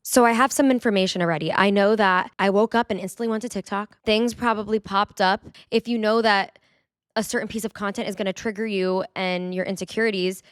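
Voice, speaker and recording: A woman's voice: mid-range voice, fairly even intonation, fairly quick, smooth, dry recording, studio quality. A woman vlogger, talking candidly in a chatty confessional way, with many "like" fillers. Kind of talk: casual confessional vlog.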